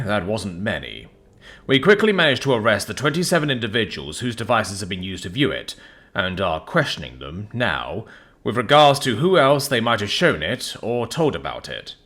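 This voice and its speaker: A man voicing a dutiful noble guard captain giving a formal report in a raised, higher voice. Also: fairly bright tone.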